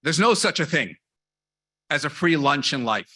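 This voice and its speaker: A rabbi delivers a lecture with a bright, forceful edge to his fairly high voice. He is a middle-aged man who asks rhetorical questions and stacks his points in steady lists, one after another. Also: normal speed. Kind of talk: lecture with anecdotes.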